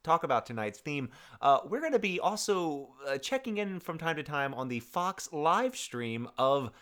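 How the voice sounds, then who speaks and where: A man in his thirties co-hosts a casual conversation, often stopping to restart his sentences and leaning on fillers. His pitch rises and falls freely as he wanders through his thoughts. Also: big pitch swings, fairly bright tone. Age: 30s. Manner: rambling, halting with many restarts and fillers. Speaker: podcast co-host. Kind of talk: casual chat.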